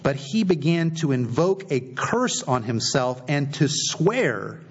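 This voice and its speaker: A man's voice: big pitch swings, takes it slowly, few pauses, slightly rough. A man preaching a sermon, retelling scripture stories and acting out the dialogue. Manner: storytelling, acting out quoted dialogue. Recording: slightly dull recording with faint low rumble.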